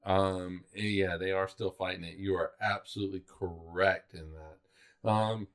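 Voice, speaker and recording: A man's voice: low-pitched, fairly even intonation, unhurried, fairly bright tone, smooth. A middle-aged man from South Carolina, co-hosting a podcast in casual, rambling chat full of fillers and restarts. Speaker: podcast co-host.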